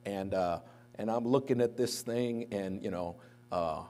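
In a church sanctuary with slight background noise, a man with a fairly low voice, likely a pastor, delivers a eulogy at a memorial service at an unhurried pace. He tells anecdotes and livens up whenever he quotes others.

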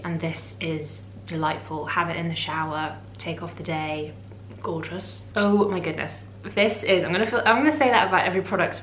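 A woman's voice: on the low side, a bit bright. A woman chatting casually for a lifestyle vlog, effusive and gushing about what she loves. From United Kingdom. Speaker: lifestyle vlogger. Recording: roomy with faint hum.

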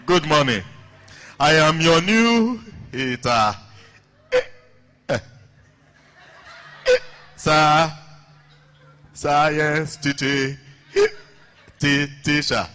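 A man's voice: a little high, extremely slow, long pauses, bright, forceful tone, a little hiss or hum, heavily acted. A man voicing a nervous, stammering male schoolteacher who stutters through his lesson in a strained voice. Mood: flustered.

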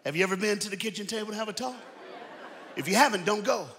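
A man preaching an energetic sermon to a church crowd, calling out to them. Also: high-pitched, fast, noisy background. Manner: animated, shouting preaching with crowd call-outs. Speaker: guest preacher. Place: large church auditorium. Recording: long hall reverb.

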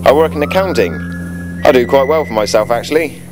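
A flustered slug office worker, voiced by a man in a cartoon, exasperated and plain-spoken. His voice is mid-pitched, with faint music behind. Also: fairly quick, close to an everyday voice.

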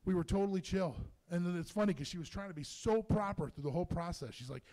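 A man performing a stand-up comedy set in a comedy club, telling stories in an animated, profane way. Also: high voice, quick pace.

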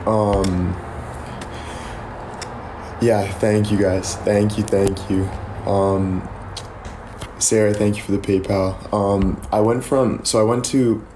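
A man's voice: on the low side, mellow, a little hiss or hum. A young man from Canada chatting casually on a live stream, rambling and thanking viewers as he goes.

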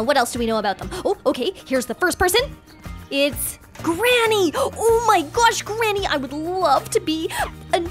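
A woman narrating a game story in the first person with excitable, fast chatter. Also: high-pitched. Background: background music.

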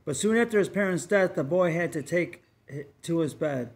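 A man reading a religious tract story aloud in a measured, earnest manner, with occasional stumbles. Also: a little high, lively intonation, creaky. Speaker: story reader.

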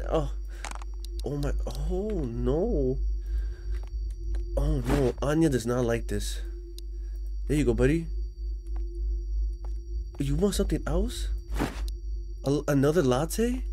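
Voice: mid-range voice, expressive, unhurried, long pauses, background noise. A young adult commentating live over a game, panicky, often repeating words over and over. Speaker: gameplay commentator.

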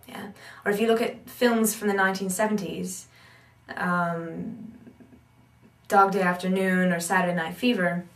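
Woman accent coach, animated, lots of asides, roomy echo, mic at a distance. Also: medium pitch. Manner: animated, thinks aloud with many "you know"s. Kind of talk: instructional talk.

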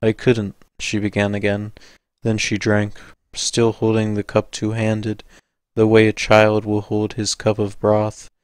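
A man narrating an audiobook in a measured, steady way. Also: lowish voice, clear, resonant tone, dry recording.

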